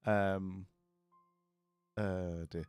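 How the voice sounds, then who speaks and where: A man's voice: sits low, little pitch movement, very slow, darkish tone, clear, resonant tone, no echo, faint music behind. A man chatting with his stream viewers, friendly and rambling, with lots of fillers and restarts. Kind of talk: casual chat.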